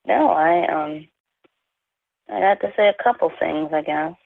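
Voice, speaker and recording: Halting, gravelly voice on a phone line. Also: medium pitch, no room sound. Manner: hesitant, halting, repeats words. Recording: phone-like narrow line, dry.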